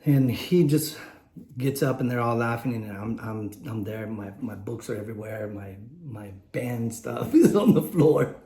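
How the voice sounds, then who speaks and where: Man, late 40s, rambling candid storyteller, mellow tone, roomy echo. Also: medium pitch, expressive, measured pace. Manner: rambling, candid, many fillers and restarts. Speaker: vlogger telling a personal story. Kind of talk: unscripted personal storytelling. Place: indoors, warm room.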